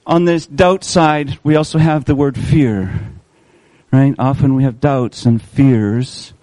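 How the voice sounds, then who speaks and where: A man preaching a sermon, asking his listeners questions and slowing down on key words to stress them. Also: medium pitch, steady tone, dark tone, no echo, low-quality recording. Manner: asks the congregation questions, slows for emphasis.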